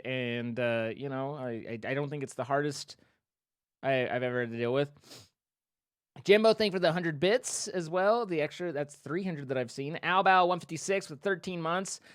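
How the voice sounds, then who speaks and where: Man, live streamer, casual chat, playful asides, higher-pitched, dry close mic. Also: normal speed, fairly bright tone, smooth, no room sound. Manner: reads out donor names, playful joking asides.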